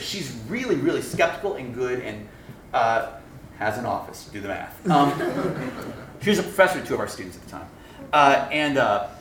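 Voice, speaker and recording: In a reverberant lecture room with background noise, a man with a mid-range voice preaches as a campus pastor. He animatedly tells a story for his sermon, playing both parts of the conversation and laughing along.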